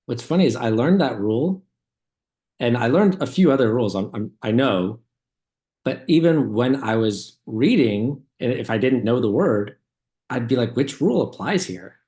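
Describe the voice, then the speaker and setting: A relaxed man chatting casually with a friend, his pitch in the middle for a man. He tells rambling anecdotes and chuckles often, with many short agreeing replies. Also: normal speed. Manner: laid-back, laughs often, rambling storyteller. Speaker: co-host. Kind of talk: casual reaction chat.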